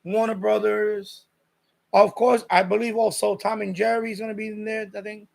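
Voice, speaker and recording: Stream host, male, high-pitched voice, loose rambling chat that doubles back on itself and reads out viewer comments. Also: level tone, normal speed, vocal fry. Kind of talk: casual chat with live viewers.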